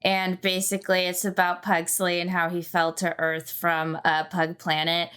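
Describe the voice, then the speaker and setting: A woman on a podcast panel telling a story in animated, casual chat. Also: on the low side, clear, resonant tone. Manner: animated storytelling, trails into pauses.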